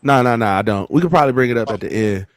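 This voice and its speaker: A man's voice: medium pitch, expressive, very fast, no echo. A man hosting a casual commentary show, talking conversationally with lots of fillers and emphatic points. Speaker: podcast host.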